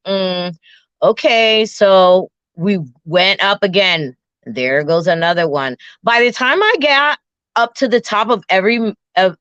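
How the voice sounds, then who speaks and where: A woman casually telling a personal travel story, animated, often restarting and acting out her own and her friend's words. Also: mid-range voice, no room sound. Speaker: guest storyteller. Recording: dull, dry lo-fi sound.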